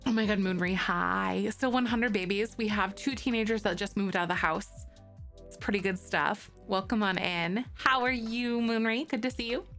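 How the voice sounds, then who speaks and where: A young woman streaming live, chatting casually with her viewers, greeting them by name and squealing when something excites her. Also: mid-range voice. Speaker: Twitch streamer. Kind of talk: casual live-stream chat while playing a game.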